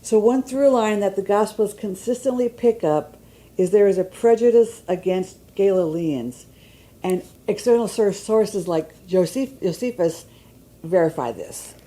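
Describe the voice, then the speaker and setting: A woman's voice: mid-range voice, warm tone, rough recording. A woman giving a conversational church teaching, reading scripture aloud and checking in with her listeners. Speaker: Bible teacher.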